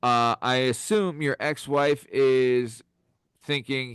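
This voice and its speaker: A man hosting a podcast in casual, joking banter, excitable and freely profane. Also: medium pitch, measured pace, smooth, no echo. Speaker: podcast host.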